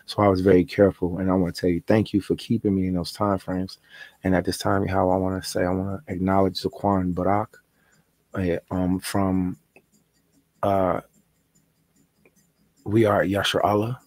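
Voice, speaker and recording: A man's voice: low voice, level tone, moderate pace, pauses often, darkish tone, dry recording. A man leading a spoken prayer, chanting repeated invocations and confessing his faults. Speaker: prayer leader.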